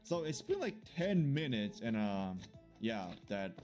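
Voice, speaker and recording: A man giving jokey gameplay commentary for his video, excitable and laughing often. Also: mid-range voice, a little slow, soft background music. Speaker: gaming video creator.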